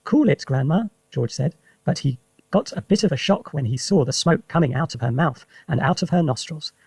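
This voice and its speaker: A man reading a children's story aloud for English learners with lively, expressive narration. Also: on the high side, a little fast, creaky, slightly rough, no room sound. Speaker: reader.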